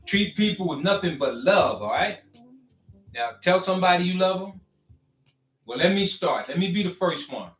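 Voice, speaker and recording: Giving a casual, preachy motivational talk to his online followers, this vlogger speaks at normal speed in a high voice, with long pauses. He's animated and throws in call-and-response asides, and the audio is roomy and distant with faint music in the background.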